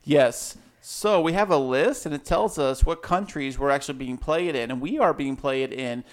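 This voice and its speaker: A man's voice: mid-range voice, normal speed. A man co-hosting a casual podcast, joking around and laughing often. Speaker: podcast co-host. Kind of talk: casual chat.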